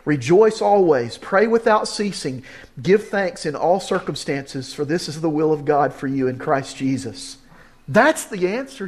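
Lively preacher man, slightly high voice. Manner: reads quoted story lines with lively emphasis. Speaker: pastor. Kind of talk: sermon.

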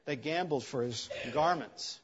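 A man preaching a sermon in an earnest way, rising for emphasis and dropping soft for tender lines. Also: mid-range voice, a little slow, dull audio, a little hiss or hum.

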